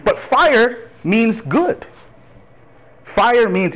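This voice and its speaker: Brief: man in his 30s, a Toronto native, animated church speaker with a slightly raised voice. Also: sits high, slow, low-quality recording. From Toronto, Canada. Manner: lively, chatty, laughs with the audience. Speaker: guest speaker on urban ministry. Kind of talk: church talk to a congregation.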